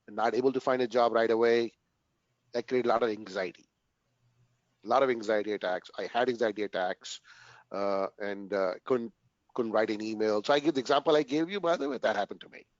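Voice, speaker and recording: A man speaking as a guest in a casual interview, earnest and talking in short bursts that he often ends with "right?", pausing and restarting his sentences. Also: lowish voice, no room sound, muffled recording.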